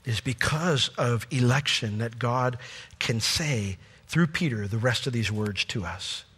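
Impassioned preacher in a reverberant hall. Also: male voice, mid-range voice, unhurried, husky. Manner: impassioned, swings from loud to hushed. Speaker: pastor. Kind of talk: sermon.

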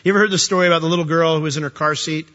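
A man preaching a sermon, animated, asking rhetorical questions and acting out dialogue. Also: on the high side, racing, lo-fi sound. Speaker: pastor.

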